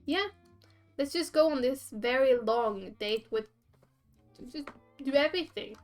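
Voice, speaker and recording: A woman's voice: sits high, a little slow. A woman streamer giving casual, giggly commentary while playing a dating game. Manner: giggly, reacting out loud. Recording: faint game music behind.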